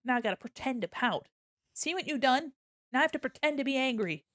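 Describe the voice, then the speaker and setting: A woman with a high voice, lively intonation and a fairly bright tone chats casually with viewers while she draws on a live stream. She speaks fairly quickly in clean studio sound with no echo, acting playfully mock-offended and laughing often.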